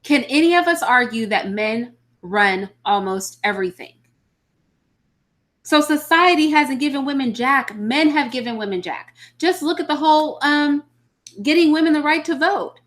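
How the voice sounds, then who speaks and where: A woman's voice: sits high, moderate pace, fairly bright tone. A woman hosting a casual live chat, a mother answering viewer comments in a blunt, opinionated way. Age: adult mother of children. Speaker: livestream host answering chat.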